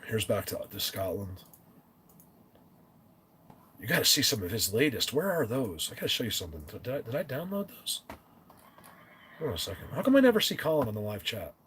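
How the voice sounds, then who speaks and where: A man hosting a live stream, chatting casually and rambling, often clearing his throat and restarting his sentences. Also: medium pitch, sing-song, a little fast, pauses often, a bit bright, a little hiss or hum.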